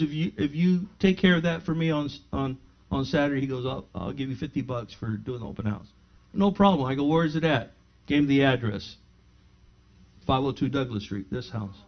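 A middle-aged man preaching from his own living room, telling a personal story of faith. He acts out each side of a conversation with lively shifts. The recording sounds a little muffled and lo-fi. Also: a little high. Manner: animated storyteller who acts out both sides of a dialogue. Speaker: pastor. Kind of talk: sermon with personal testimony. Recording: slightly dull lo-fi sound.

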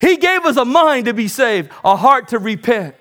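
Animated high-pitched male preacher. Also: normal speed. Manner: call-and-response preaching, rising to shouts. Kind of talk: sermon.

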